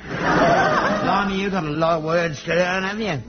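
A man's voice: sits high, wildly swooping pitch, normal speed, music in the background. An actor playing a mischievous, rambling old Cockney man in his seventies or older. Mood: cheeky. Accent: Cockney London. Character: cheeky old Cockney rag-and-bone man. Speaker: amateur actor recruit. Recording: dull old TV sitcom recording.

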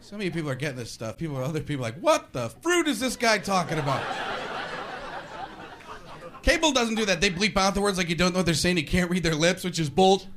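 High-voiced sarcastic stand-up comedian. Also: male voice, very fast, hardly any pauses. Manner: sarcastic, animated, acts out voices. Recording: noisy live show recording.

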